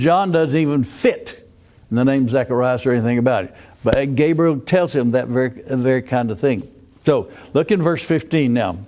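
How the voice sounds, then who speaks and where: A man's voice: medium pitch, dark tone. An older man teaching a Sunday school Bible class in a folksy way, often asking the class questions and restarting his phrases.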